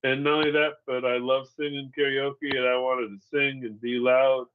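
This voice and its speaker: Profane, candid comedian telling a story. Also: male voice, medium pitch, flat delivery, moderate pace, clean tone, narrow, tinny audio. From Seattle, USA.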